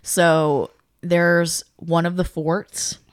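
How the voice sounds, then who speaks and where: A woman's voice: lowish voice, very slow, no room sound, clean studio sound. A woman co-hosting a podcast, casually retelling a video and acting out the quotes with animation. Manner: animated storyteller, acts out quotes. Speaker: podcast co-host.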